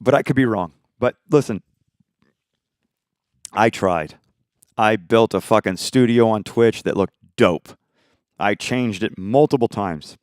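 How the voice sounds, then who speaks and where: A man in an angry, profane, unscripted rant, swinging between shouting and muttering. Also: fairly low pitch, measured pace, long pauses, no room sound, studio quality.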